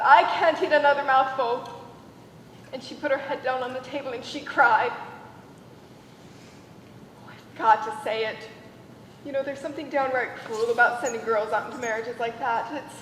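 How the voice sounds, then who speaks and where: A woman's voice: on the high side, fairly bright tone, a little hiss or hum, natural voice. Teen girl playing a rueful mother of the bride. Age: teens. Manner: rueful, confiding monologue. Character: worried mother of the bride, wistful. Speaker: student actor. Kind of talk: stage acting. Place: school auditorium stage. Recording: echoey hall from far off.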